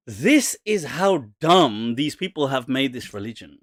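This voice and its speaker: A man hosting a casual live Q&A, animated and mocking, laughing often. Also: mid-range voice, measured pace, hardly any pauses, dry recording, studio quality. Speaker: host.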